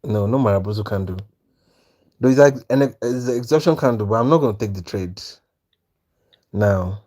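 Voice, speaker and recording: A man commentating his trades on a live stream, talking with viewers as he goes. He is animated and repeats himself, restarting phrases and asking whether they understand. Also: on the low side, moderate pace. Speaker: trading mentor and live-stream host.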